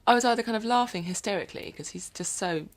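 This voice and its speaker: A woman's voice: medium pitch, fast talker. A woman musician rambling casually in a video diary from her recording studio, often dropping into whispered asides.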